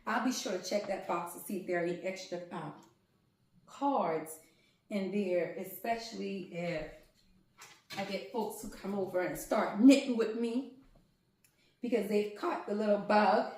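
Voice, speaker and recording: A woman's voice: medium pitch, unhurried, darkish tone, slight background noise. A woman, vlogging at home as she unpacks yarn and gushes over each skein. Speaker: crafting vlogger. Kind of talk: casual unboxing vlog. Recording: very echoey room.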